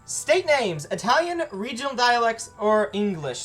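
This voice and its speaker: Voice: medium pitch, lively intonation, normal speed, a bit bright. A streamer chatting casually while playing a strategy game, often reading on-screen text aloud. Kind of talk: casual live game commentary.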